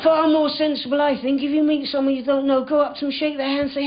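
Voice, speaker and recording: A man's voice: extremely high pitch, little pitch movement, quick pace. A man doing a stand-up comedy set with a dry, sardonic delivery, acting out little dialogues on a club stage. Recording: lo-fi live club recording with crowd noise. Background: audience laughter.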